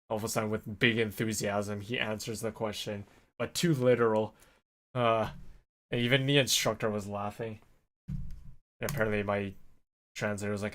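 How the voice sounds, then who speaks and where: A man vlogging in a casual, rambling storytelling way, animated when he quotes people. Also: lowish voice. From North America. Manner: rambling, animated when quoting others, laughs often.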